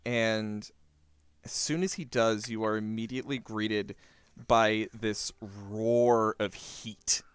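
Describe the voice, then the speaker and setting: Smooth-voiced man running a tabletop game. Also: on the low side, fairly even intonation, slow pace, no room sound. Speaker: game master.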